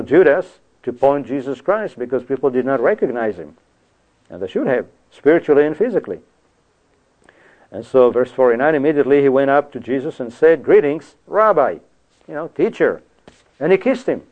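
A man leads a verse-by-verse Bible study in a rambling teaching manner, dropping "you see" and "you know" between his points. His voice sits at an ordinary middle pitch. The sound is narrow and tinny, like a phone line. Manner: digressive, frequent "you see" and "you know" asides.

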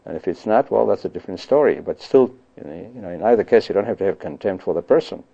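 Preacher, male, lowish voice, chatty Bible teaching full of asides, muffled old recording. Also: lively intonation, fast, creaky, mellow. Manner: conversational, frequent "you know" and "you see". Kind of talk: sermon.

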